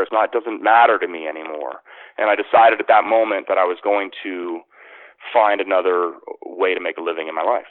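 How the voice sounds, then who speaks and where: A man's voice: on the low side, no echo. Rambling man on a tinny line. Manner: rambling, lots of restarts and "like". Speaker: sports radio host, former actor. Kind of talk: casual storytelling interview. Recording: tinny phone-like line, dry.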